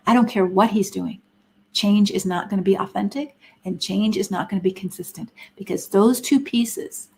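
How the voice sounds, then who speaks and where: Woman, middle-aged, live-stream teaching talk, earnest, emphatic, rhetorical questions, middle pitch. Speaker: Christian counselor and speaker.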